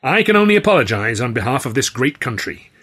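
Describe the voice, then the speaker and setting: A man's voice: medium pitch, very animated, fast, fairly bright tone, breathy edge. A man voicing a powerful, menacing male city boss who speaks with false courtesy and veiled threats. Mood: mock-apologetic.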